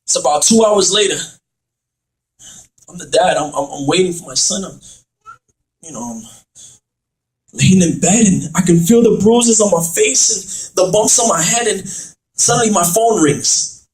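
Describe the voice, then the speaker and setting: A man's voice: high-pitched, expressive, measured pace, pauses often. Man performing dramatic rhyming spoken word. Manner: rhyming, building to shouts. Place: church. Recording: echoey room, far from mic.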